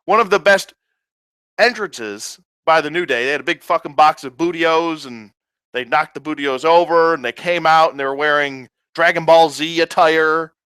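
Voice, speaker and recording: A man's voice: a little high, moderate pace, a bit bright, clean tone, no room sound. A man ranting in a casual review, profane, sarcastic and exasperated. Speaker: wrestling reviewer.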